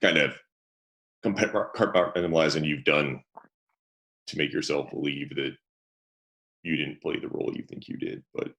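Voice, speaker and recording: Deep-voiced hesitant man. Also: vocal fry, fairly bright tone, lo-fi sound. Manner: hesitant, halting, with many fillers. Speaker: player. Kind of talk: tabletop role-play.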